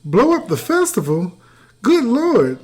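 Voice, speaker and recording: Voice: medium pitch, huge pitch swings, takes it slowly, a little mellow, voice pushed up. A player voicing a confused, dazed old man who pleads and quavers in bewilderment. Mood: bewildered.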